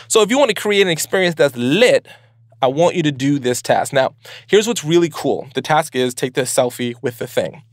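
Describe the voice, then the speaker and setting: A man from Brooklyn hosting a podcast, giving casual advice in an animated, playful way full of slang. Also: on the high side, no room sound, studio quality. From Brooklyn, New York. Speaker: podcast host.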